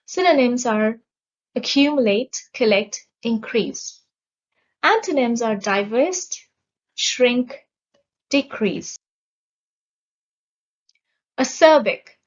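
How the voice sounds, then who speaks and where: A vocabulary teacher with a somewhat high, lively voice reads a scripted lesson slowly and deliberately, enunciating every word. She pronounces each term carefully and explains its stress and meaning. The audio sounds dull.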